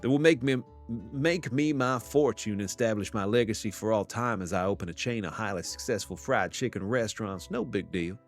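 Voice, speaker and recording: A man voicing a smooth, self-assured Southern gentleman chef in a video game dating sim, with a put-on Southern American drawl and slow, low delivery. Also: soft background music, lightly acted. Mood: boastful.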